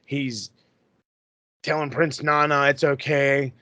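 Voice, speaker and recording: A man hosting a podcast, recapping in a casual, excitable, profane way that rambles. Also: a little high, slow, dry recording, muffled recording. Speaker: podcast host.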